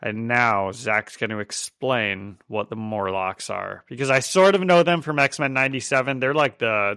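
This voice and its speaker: A man's voice: medium pitch, moderate pace, hardly any pauses, pushed and bright, clean tone, no room sound, clean studio sound. A young man co-hosting a podcast, casually and animatedly retelling a comic story and laughing often. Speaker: podcast co-host. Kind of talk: casual chat.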